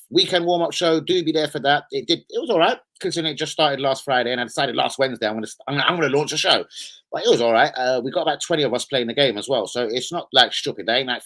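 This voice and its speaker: A young man, hosting a loose, sweary live stream and shouting out his viewers. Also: mid-range voice, low-quality recording. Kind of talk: casual live stream chat.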